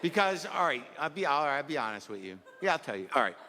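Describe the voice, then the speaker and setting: A middle-aged man doing a neurotic, rambling stand-up routine on a club stage, exasperated and prone to sudden shouted outbursts, with audience laughter behind him. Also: fairly high pitch, very animated, quick pace. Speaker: stand-up comedian. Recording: live club recording with long reverb and noise.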